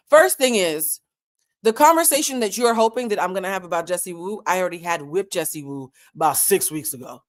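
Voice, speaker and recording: Speaking briskly in an expressive, medium-pitched voice, a woman hosting a commentary channel rants straight to camera. She lectures her viewers with passion, firing off pointed rhetorical questions.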